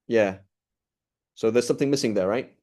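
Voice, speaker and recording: A man's voice: lowish voice, normal speed, dark tone. A man teaching an informal Quran study class, explaining step by step and checking in with his listeners often.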